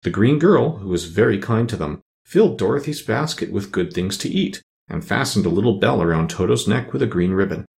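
A man's voice: on the low side, fairly quick, gravelly, hardly any pauses. A man reading a children's storybook aloud as narrator, voicing each character in turn. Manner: expressive, voices each character. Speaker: audiobook reader.

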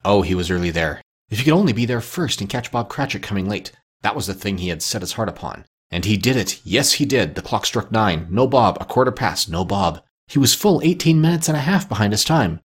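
A man narrating a classic story with a lively, expressive reading. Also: lowish voice, fairly quick, husky.

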